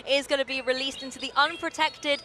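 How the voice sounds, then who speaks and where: A woman giving quick, upbeat color commentary and analysis during a live competitive game broadcast. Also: high voice, fairly even intonation, background noise. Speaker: esports co-commentator.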